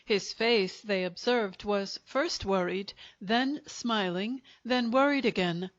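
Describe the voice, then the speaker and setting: A woman reading a short story aloud as an audiobook narrator, in a measured storytelling manner. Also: mid-range voice. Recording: dull, lo-fi audiobook recording.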